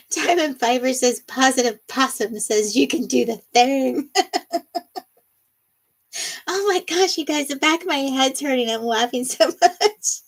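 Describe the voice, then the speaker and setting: A giggly middle-aged woman hosts a relaxed livestream, chatting with viewers and reading out their comments. Her voice sits high and she takes her time over the words. She laughs a lot and keeps things bubbly. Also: takes it slowly, long pauses. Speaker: livestream host. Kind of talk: casual live-stream chat, reading viewer comments.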